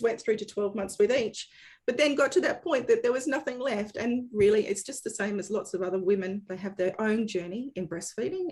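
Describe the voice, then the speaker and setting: A woman hosts an online training session in a chatty, friendly way. Her voice sits at a middling pitch, and she keeps things upbeat and welcoming. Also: a little mellow. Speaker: webinar host for a dairy company.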